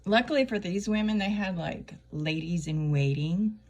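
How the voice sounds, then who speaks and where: A woman's voice: medium pitch, expressive, normal speed, a little mellow. A middle-aged woman, hosting her channel with a wry, chatty comedic monologue and laughing at her own jokes. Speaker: channel host.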